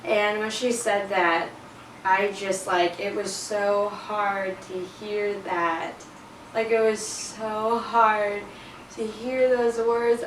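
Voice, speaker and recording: A woman's voice: mid-range voice, fairly even intonation, slow pace. A teenage girl telling a storytime in a chatty, casual way, full of fillers and self-conscious laughs. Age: teens. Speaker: vlogger. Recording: roomy, a bit distant, faint noise.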